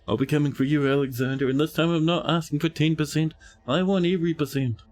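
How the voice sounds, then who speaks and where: A man's voice: on the high side, steady tone, fast talker, a little mellow, voice pushed up, natural voice. A man voicing a greedy male ship designer who demands a share of a company, in an indignant, grasping manner, in a video game. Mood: threatening.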